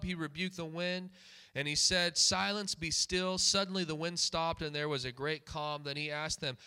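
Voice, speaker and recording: A man preaching a sermon in a high, bright, forward voice. He drives his points home by repeating key lines and firing questions at the congregation. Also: clean tone.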